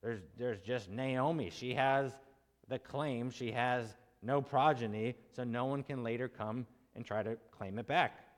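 Male preacher, casual teaching sermon, mid-pitched voice, long hall reverb. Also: a little slow. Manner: conversational, asks the congregation questions, acts out quotes in casual voices. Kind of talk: expository sermon.

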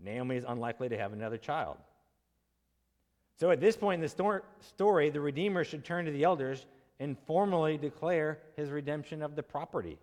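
A man's voice: fairly high pitch, brisk, darkish tone, big-room sound. A man preaching an expository sermon in a conversational way, asking his listeners questions and acting out quotes in casual voices.

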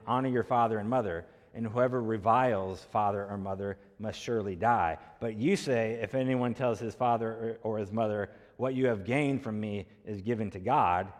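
A man preaching a sermon as pastor, emphatic and pressing hard on key words. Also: mid-range voice. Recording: long hall reverb.

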